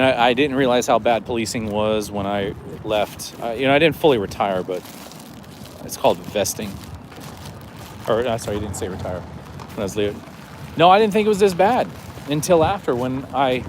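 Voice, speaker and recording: A man live-streams from inside a car, chatting loosely and jokingly, drifting between topics while reading out viewer comments. His voice is medium-pitched, with a little hiss or hum in the recording.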